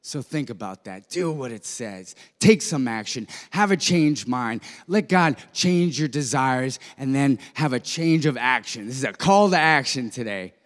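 A pastor tells an illustrative story in his sermon, earnest and animated, lightly giving voice to the characters. His mid-range voice runs a little slow but with hardly any pauses. Behind him are music and a church hall's long reverb.

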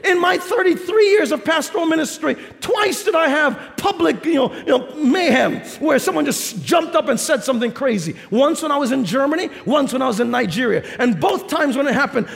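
A man with a New York accent preaches to a large auditorium, his voice pitched unusually high with a gravelly edge. He tells stories animatedly, laughing and shouting the punchlines, and his words ring out with a long reverb. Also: lively intonation, fairly quick, hardly any pauses. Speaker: pastor. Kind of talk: sermon.

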